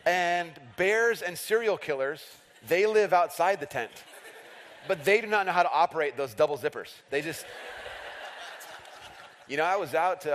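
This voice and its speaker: A man's voice: fairly high pitch, animated, moderate pace, long pauses, a bit bright, slight background noise. Storytelling male pastor in a reverberant hall. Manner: humorous, self-deprecating storytelling. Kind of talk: sermon with personal stories. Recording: long reverb of a large hall.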